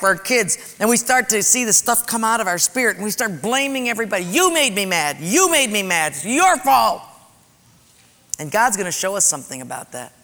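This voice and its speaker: A male pastor delivers a sermon with a high, bright voice that carries across a large church. His storytelling is animated, and he slips into other people's angry voices. A long reverb from the sanctuary trails behind every phrase.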